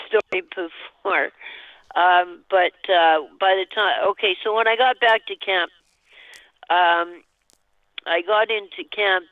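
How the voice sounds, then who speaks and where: A woman calling in to a show, telling a personal story in a halting, rambling way with nervous laughs. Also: fairly low pitch, no room sound. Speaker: caller. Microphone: telephone. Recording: tinny phone line.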